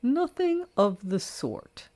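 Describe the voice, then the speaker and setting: A woman's voice: on the high side, sing-song, takes it slowly, warm tone, pitched above the performer's own voice. A woman reading an audiobook, voicing a wealthy older woman who answers her critics in a dry, self-assured and cutting way. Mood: cool.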